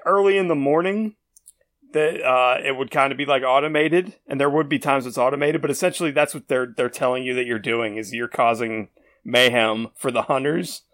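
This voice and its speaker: Halting, deadpan man in casual chat. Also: fairly high pitch. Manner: halting, many fillers, deadpan jokes. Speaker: podcast co-host.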